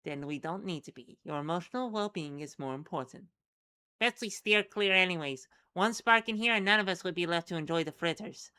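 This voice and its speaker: A calm, clinical doctor speaks in a brisk, measured, reassuring way, voiced by a woman reading a webcomic. The voice is bright and crisp. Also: on the low side.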